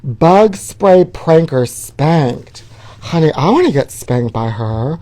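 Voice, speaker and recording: A man's voice: a little high, very animated, takes it slowly, dark tone. A middle-aged man hosting a show, reading tabloid headlines aloud and riffing on them in a sassy, flamboyant way, calling the audience honey. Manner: sassy, flamboyant, calls viewers honey, reads headlines then riffs. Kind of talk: campy gossip commentary.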